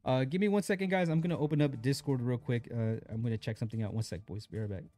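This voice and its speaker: A man's voice: medium pitch, quick pace, dark tone. A young man live-streaming a mobile shooter, chatting casually in slang while greeting viewers and reading chat aloud.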